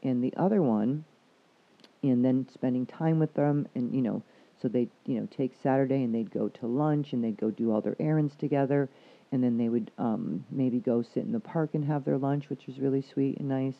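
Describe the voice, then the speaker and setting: Speaking at a moderate pace in a mid-range voice, a male counselor explains things in casual, frank chat, cursing freely throughout. The audio has a dull, lo-fi quality.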